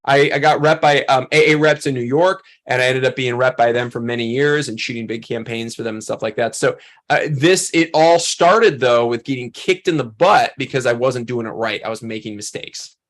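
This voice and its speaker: A man in his thirties teaching a photography workshop, telling a story in a loose, animated way with lots of fillers. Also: medium pitch, moderate pace. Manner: animated, acts out quoted voices, many fillers. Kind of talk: casual storytelling to a workshop group.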